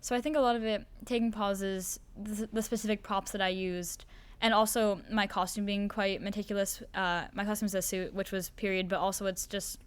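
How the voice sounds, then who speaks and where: A teenage girl, a student actor, answers questions as a guest on a school podcast, chatting casually and thoughtfully with some hesitant fillers. Her medium-pitched voice is clear and resonant, brisk, with little pitch movement.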